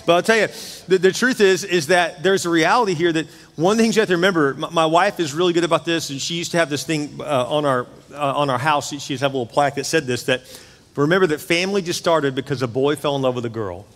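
A middle-aged man delivers a sermon in a high, light voice. His preaching is chatty and lively, and he keeps addressing the congregation directly. The sound rings with the long reverb of a large church hall. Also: fast talker. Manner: conversational, energetic preaching with asides to the congregation. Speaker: pastor. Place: church sanctuary.

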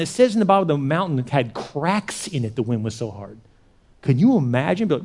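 Animated male pastor with a high voice. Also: fairly quick. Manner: animated, swinging from loud punches to hushed near-whispers. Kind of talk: sermon.

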